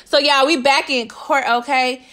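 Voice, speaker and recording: A chatty woman with a fairly high voice talks through a TV episode recap. She is animated and keeps addressing her viewers directly, laughing often along the way. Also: a little slow. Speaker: TV recap vlogger. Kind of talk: casual TV recap.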